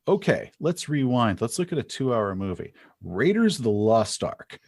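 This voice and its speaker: A man's voice: medium pitch, very animated, normal speed, few pauses, a little mellow. A man talking as a podcast guest in casual conversation, rambling and chatty, restarting his sentences as he tells stories.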